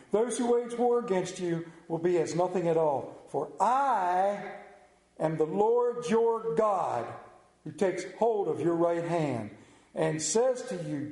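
A man preaching a sermon in a church, pausing for effect and dropping to a hushed voice on key words. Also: high-pitched. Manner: dramatic pauses, drops to a hushed voice on key words. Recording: echoey room.

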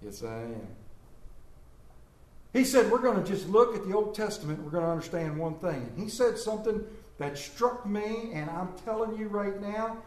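A man's voice: sits high, expressive, moderate pace, roomy sound. A man preaching a folksy sermon, telling homespun stories and reading scripture dramatically.

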